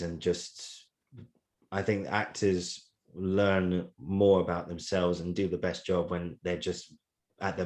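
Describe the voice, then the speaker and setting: Deep voiced guy hosting a podcast, rambly, lots of ums. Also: darkish tone. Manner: rambling, filler-heavy, laughs between his points. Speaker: podcast host. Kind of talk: casual interview chat.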